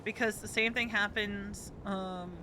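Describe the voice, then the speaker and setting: A woman's voice: medium pitch, steady tone, unhurried. A woman from New Jersey streaming a game, chatting casually and rambling with frequent ums. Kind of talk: casual gaming chat. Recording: game sounds and vehicle noise behind. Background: game ambience and vehicle sounds.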